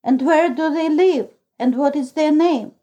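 A woman reader voicing an eager young boy who asks imploring, excited questions in a storybook reading. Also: high-pitched, unhurried, voice pushed up. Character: eager young boy searching for his family.

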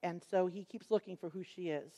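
A woman's voice: fairly low pitch, brisk. A middle-aged woman teaching a Bible lesson, telling the stories expressively and acting out the quotes. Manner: expressive storytelling, acts out quotes.

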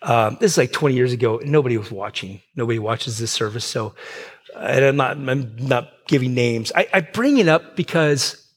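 A male pastor giving a sermon in a conversational way, full of fillers and restarts, acting out quoted lines with big swings in pitch. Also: lively intonation, moderate pace. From Southern California.

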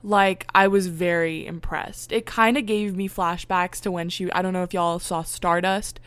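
A woman casually talking over a film with a friend, excitable and quick to laugh. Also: lowish voice, clean tone. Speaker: movie reviewer. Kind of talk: casual chat.

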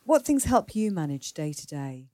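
A woman hosting a podcast panel, speaking in a calm, measured way. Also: deep voice, no echo. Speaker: podcast host. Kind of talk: moderating a panel.

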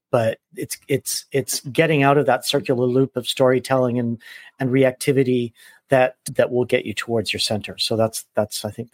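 Male coach co-host, mid-pitched, dry sound, earnest, repeats words as he thinks. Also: no room sound. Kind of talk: casual podcast chat.

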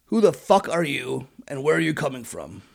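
A man's voice: on the high side, expressive, brisk, creaky, husky, full character voice. A man doing a harsh foul-mouthed ruler. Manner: harsh, swearing, blunt.

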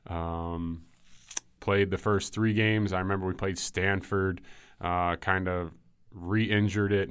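A man in his thirties, a former football player, telling injury stories in a relaxed way with many ums. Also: sits low, clear, resonant tone, no echo, studio quality. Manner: relaxed storytelling with frequent ums and likes. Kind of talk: casual podcast chat.

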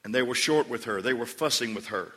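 A pastor delivers a sermon from the pulpit of a church sanctuary in a bright, forceful, husky mid-range voice, speaking fairly quickly. He sinks into a hushed storytelling tone, then climbs to loud, emphatic calls to the congregation, with long reverb trailing each phrase.

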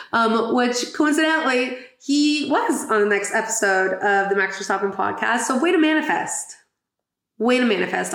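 A woman hosting a casual podcast, chatty and giggly, with plenty of fillers between her thoughts. Her voice has a gravelly fry and sits at a middle pitch, in an echoey room. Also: fairly bright tone. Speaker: podcast host. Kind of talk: casual chat.

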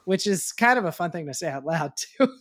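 A man co-hosting a casual parenting podcast, thinking out loud in a reflective way and swearing freely. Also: on the high side, lively intonation, fairly quick. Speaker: podcast co-host.

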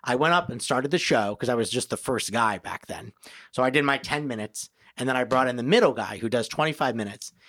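A man's voice: medium pitch, brisk, no room sound. A man, a comedian guest, telling stories in a casual interview and acting out the people in them. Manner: animated storyteller who acts out voices.

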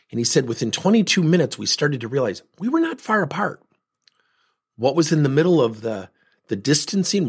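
Male coach host, husky voice with a swinging pitch, animated solo talk. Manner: animated, rhetorical questions, acts out quoted voices. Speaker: leadership coach and podcast host.

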